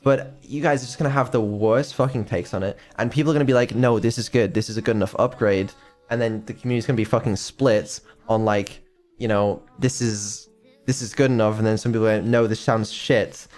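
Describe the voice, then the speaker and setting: A man's voice: on the low side, quick pace, darkish tone, faint music behind. A man chatting casually on a stream, rambling and offhand with lots of ums and casual swearing. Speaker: streamer and developer.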